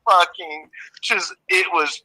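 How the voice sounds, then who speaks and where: A man with a Southern drawl chats loosely on an online call. His voice sits a little high and rings very bright. He laughs often and swears casually. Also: steady tone, slow, slight background noise, rough recording. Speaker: caller. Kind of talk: casual chat.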